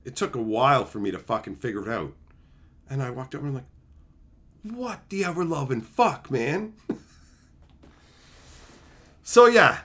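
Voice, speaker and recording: A man's voice: medium pitch, expressive, unhurried, pauses often, fairly bright tone. A man hosting a livestream, ranting heatedly and profanely while answering chat. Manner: answers chat between rants. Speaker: streamer host.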